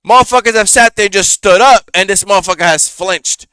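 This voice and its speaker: Bright, animated male reaction-show host. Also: high voice, a little fast, smooth, no echo, studio quality. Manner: profane, animated rant with frequent fillers. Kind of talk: casual reaction commentary.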